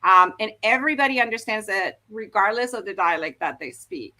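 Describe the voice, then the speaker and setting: A woman's voice: medium pitch, expressive, brisk, pushed and bright. A woman hosting a live stream, explaining language points in a chatty way with many fillers and restarts. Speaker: host explaining Korean dialects. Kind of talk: casual live-stream chat.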